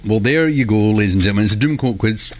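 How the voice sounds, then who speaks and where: A man's voice: fairly low pitch, fast talker, a little hiss or hum. A man rambling and joking with his chat while live-streaming a game, wearing a headset. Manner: rambling, jokey, talks to chat. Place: home room.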